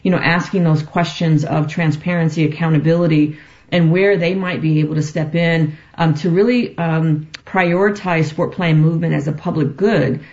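A woman's voice: sits low, fairly even intonation, normal speed, darkish tone, muffled recording. A woman guest on a radio talk show, speaking earnestly with many ums. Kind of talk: radio interview.

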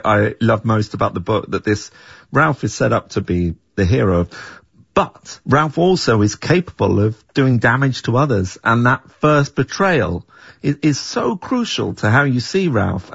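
Gravelly, husky middle-aged man, reflective. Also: medium pitch, animated, a little slow, a bit bright, no echo. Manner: thoughtful, with frequent restarts. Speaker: series creator and writer. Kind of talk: reflective interview answers. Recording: dull, dry, lo-fi sound.

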